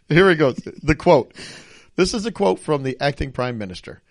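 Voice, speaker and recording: A man's voice: a little high, very animated, a little slow, dry recording. A man hosting a casual radio-style talk show, reading news stories aloud with jokey asides.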